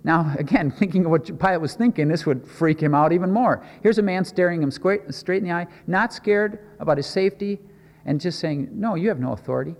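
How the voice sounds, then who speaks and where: A man's voice: high-pitched, brisk, long reverb tail. A man preaching in a conversational, explanatory way, asking the audience questions as he teaches a Bible passage.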